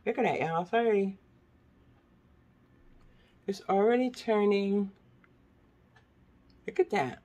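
An older woman, a beauty product vlogger, chats casually through a product review, speaking directly to her viewers and often repeating herself. Her medium-pitched voice is slow and dark-toned with frequent pauses, and the highs are cut off.

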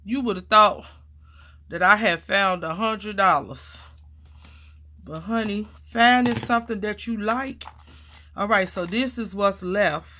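A woman chats to her viewers in an unhurried, drawn-out way while she crafts, calling them y'all and honey. She gets excitable, then sinks to quiet murmurs while her hands are busy, and her voice sits at an ordinary middle pitch. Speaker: crafting vlogger. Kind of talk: casual chat while crafting.

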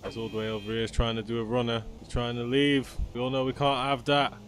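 A man with doing excitable gameplay commentary, yelling and cursing at other players. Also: medium pitch, fast, a little hiss or hum. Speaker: gaming YouTuber. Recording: game music playing underneath.

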